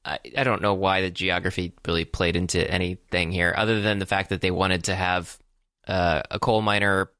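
Low-voiced man rambling about a movie. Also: level tone, moderate pace, bright, forceful tone, clean tone, dry recording, clean studio sound. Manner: rambling, hesitant, many fillers and restarts. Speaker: podcast co-host. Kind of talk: casual movie discussion.

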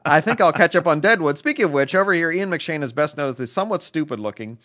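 A man reading out a fan's letter in a put-on British accent, rattling through it quickly, his pitch moving a lot. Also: animated, fairly bright tone. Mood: chatty. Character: British male letter writer, chatty fan.

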